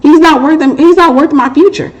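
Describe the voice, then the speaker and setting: A woman's voice: high-pitched, a little fast, rough recording. A middle-aged woman hosting a Christian relationship Q&A, giving casual testimony and advice in a candid, joking way and laughing at herself.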